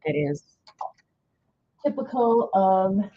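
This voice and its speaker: This middle-aged art streamer has a mid-range, expressive voice and draws out her words. She keeps up a chatty running commentary to herself as she draws, heard through dull lo-fi audio.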